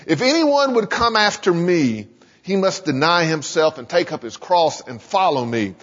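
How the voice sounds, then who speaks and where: A man preaching a sermon in a husky voice with a lively, rising and falling pitch. He talks to his listeners in a conversational way. The sound is dull and lo-fi, with a long reverb from a large hall. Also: moderate pace. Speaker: pastor.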